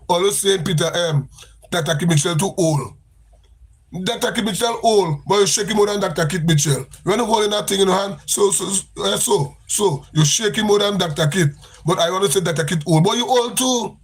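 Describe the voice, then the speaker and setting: Fiery high gravelly Grenadian man. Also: a bit bright. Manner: fiery, accusatory, repeats phrases. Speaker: live streamer. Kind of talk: ranting live stream monologue.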